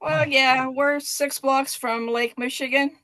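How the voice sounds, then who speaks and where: A woman from Illinois, a guest on a livestream, talking hesitantly with many pauses and fillers. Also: high-pitched, fairly even intonation, sharp tone, dry recording. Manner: hesitant, many ums and uhs. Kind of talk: casual chat.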